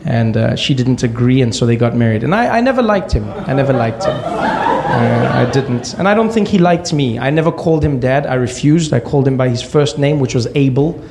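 Creaky-voiced male stand-up storyteller. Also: mid-range voice, crowd noise. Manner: deadpan asides in a slow build. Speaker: stand-up comedian.

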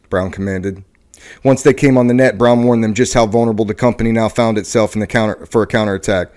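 Podcast host guy reading a book out loud, lowish voice, fixes his slips as he goes. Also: fast. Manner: steady reading with occasional stumbles and self-corrections. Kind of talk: reading a book passage aloud.

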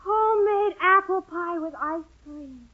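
A woman playing a chatty, dreamy teenage girl who gushes on without pausing, in 1940s radio acting. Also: extremely high pitch. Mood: gushing. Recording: tinny 1940s radio broadcast.

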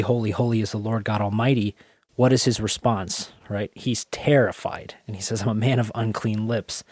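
A man's voice: mid-range voice, a little mellow, no room sound, clean studio sound. A man co-hosting a podcast, answering thoughtfully with frequent ums and quoting scripture. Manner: thoughtful, many fillers, quotes scripture. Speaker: podcast co-host. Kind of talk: conversational theological discussion.

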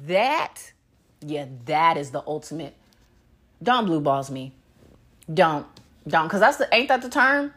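Brief: woman podcast host, blunt, profane rant, lower voice, laughs a lot. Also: big pitch swings, slow, pauses often, fairly bright tone. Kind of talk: casual solo podcast rant.

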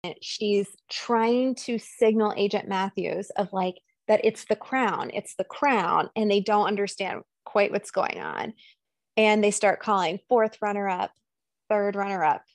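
A woman co-hosting a podcast recaps a film casually in a mid-range, gravelly voice, speaking a little slowly. The sound is clean studio audio with no echo, and she animatedly acts out the characters' lines.

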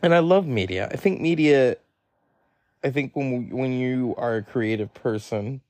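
A man's voice: medium pitch, normal speed, a little mellow, no echo, poor audio. A man in his forties hosting a podcast, telling casual personal stories in a rambling, profane way with lots of fillers. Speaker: podcast host.

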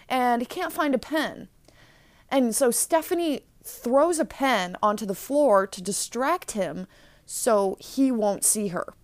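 Chatty lady podcaster recapping stuff, kinda high voice, dry close sound. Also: no room sound. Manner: chatty, animated storytelling. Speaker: podcast host. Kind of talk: casual episode recap.

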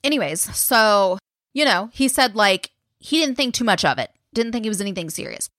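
A woman's voice: medium pitch, expressive, normal speed, fairly bright tone, no echo, clean studio sound. A woman co-hosting a podcast, casually retelling a true-crime case in a chatty, filler-heavy way and swearing freely. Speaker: podcast co-host.

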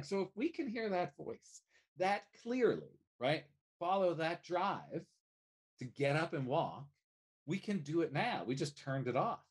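Animated man with lively pitch. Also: measured pace, slightly rough. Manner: animated, swears casually, acts out little quoted voices. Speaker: life coach guest. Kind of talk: casual podcast conversation.

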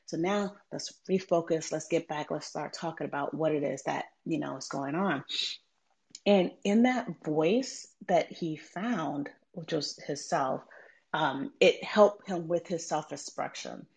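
A woman's voice: sits low, measured pace, gravelly, a little mellow. A mother telling a personal story about raising her son, in a reflective, conversational way with frequent ums. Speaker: mother sharing parenting story.

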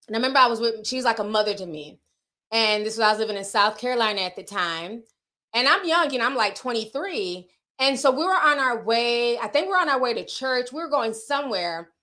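A woman's voice: on the high side, brisk. A middle-aged woman from the northern US hosting a livestream, telling stories in casual chat and reading out viewer comments. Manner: chatty storytelling, animated quoted voices. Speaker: livestream host.

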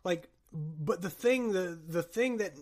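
A man hosting a podcast, chatting about a horror film in a rambling, jokey, animated way. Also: high voice, slow pace. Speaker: podcast host. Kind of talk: casual movie chat.

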